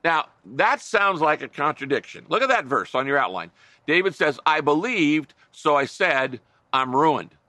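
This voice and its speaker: A man's voice: a little high, very animated, a little slow, sharp tone, no echo. A middle-aged man preaching a sermon as a pastor, earnest and conversational, with wry asides to his listeners.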